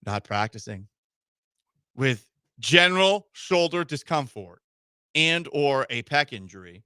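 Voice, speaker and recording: A male sports radio host with a bright, forward voice, talking in a joking, animated way and punching certain words hard. He is on a studio microphone with dry, close sound. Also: mid-range voice, slow pace, long pauses, clear, resonant tone, no echo. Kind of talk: casual sports talk radio.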